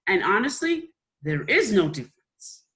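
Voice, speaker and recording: A woman co-hosting a podcast, an evangelist telling a personal story in an emotional, animated way with many restarts. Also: mid-range voice, normal speed. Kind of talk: personal storytelling in casual chat.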